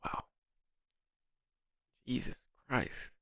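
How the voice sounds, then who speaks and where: A young man in his twenties chats with viewers on a trading livestream, drawling along at an unhurried pace. He laughs often, swears freely and calls everyone bro. His voice is close and dry, with no room around it. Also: medium pitch, a bit bright, no echo. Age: 20s. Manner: laughs hard, swears, bro-heavy banter. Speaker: forex livestream host. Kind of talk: casual livestream chat.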